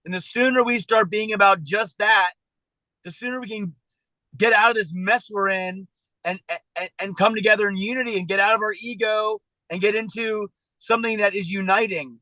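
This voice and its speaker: A man with a high, bright and forceful voice talks haltingly on a video call, restarting his sentences often. He sounds earnest and emotional, close to tears. The sound is dry and close. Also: steady tone, no room sound, low-quality recording. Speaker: citizen journalist being coached. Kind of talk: emotional personal talk on a coaching call.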